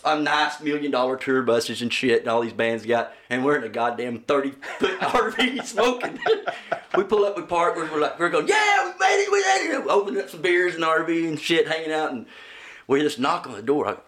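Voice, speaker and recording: A man's voice: mid-range voice, fairly quick, fairly bright tone. Laughing, profane man in a roomy space. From Oklahoma. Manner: profane, laughing through his own anecdotes. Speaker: guest musician. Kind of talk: casual storytelling. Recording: roomy echo with faint noise.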